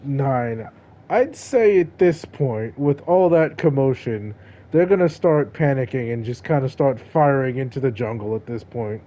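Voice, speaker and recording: Mellow-voiced man running a tabletop game. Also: medium pitch, measured pace, dull audio. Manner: laughs while narrating, relaxed. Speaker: game master.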